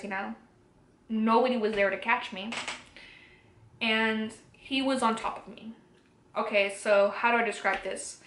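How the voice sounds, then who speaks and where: A woman's voice: on the high side, a bit bright. A young woman vlogger telling a personal story to camera, candid and emotional, swearing freely. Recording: roomy echoey room.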